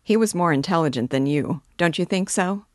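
A woman's voice: lowish voice, lively intonation, fairly quick, a little mellow, no room sound, studio quality, natural voice. A woman reading the lines of a boisterous young male student who bosses and jokes with his sick friend. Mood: hearty. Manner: hearty, bossy, joking.

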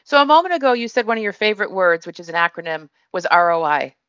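A woman hosting a show, chatting in a relaxed and agreeable way with her guest. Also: mid-range voice, fast, dry recording, muffled recording. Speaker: show host. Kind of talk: casual interview chat.

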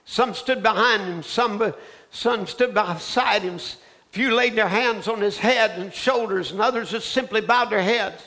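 A male preacher delivering a sermon, with a story that builds into fervent, shouted preaching. His voice is strikingly high. The tone is bright and forceful. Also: a little slow.

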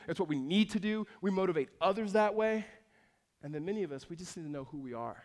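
A man in his thirties, a pastor giving a sermon in a conversational way that moves between emphatic lines and hushed ones. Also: on the high side.

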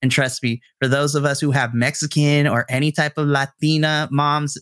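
A man narrating a tabletop game as game master, casual and animated. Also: on the high side, normal speed, dry recording, clean studio sound.

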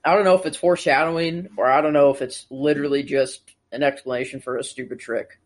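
A man's voice: mid-range voice, fairly even intonation, quick pace. A man in casual chat, tentatively musing over fan theories.

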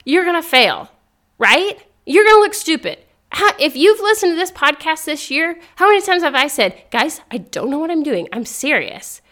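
A young woman hosting a faith podcast, talking earnestly and excitedly, often laughing and rising into eager exclamations. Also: high voice, normal speed. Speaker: podcast host. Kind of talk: encouraging faith talk.

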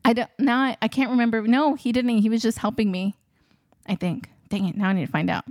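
A woman's voice: fairly high pitch, fairly even intonation, brisk, darkish tone, dry recording, clean studio sound. A woman who is a wedding photographer and host, telling a story casually to her listeners, chatty with many fillers and frequent laughs.

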